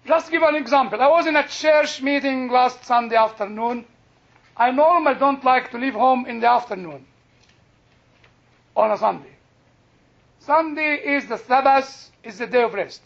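An older man with a husky voice, teaching a class on Christian faith in a slow, deliberate, emphatic way. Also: very high voice, highs cut off. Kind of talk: lecture to a class.

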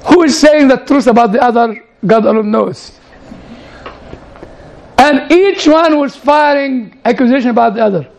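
A man's voice: very high-pitched, normal speed, creaky, darkish tone, rough recording. A man preaching a conversational sermon, often turning to the audience with "you know" and side questions. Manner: chatty, leans on "you know" and audience asides.

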